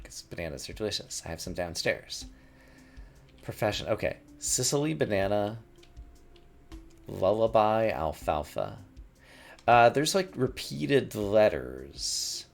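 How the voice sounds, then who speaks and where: A man's voice: sits low, gravelly. A man thinking aloud as he plays a word puzzle game, musing and muttering words over to himself at a desk mic. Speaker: gaming YouTuber.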